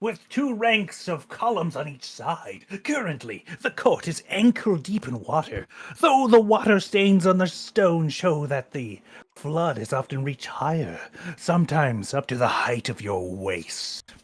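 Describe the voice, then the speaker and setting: Animated, high-voiced male streamer. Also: measured pace, breathy edge. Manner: laughs easily, animated and playful. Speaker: streamer playing a game with friends. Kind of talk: casual chat and reading game text aloud.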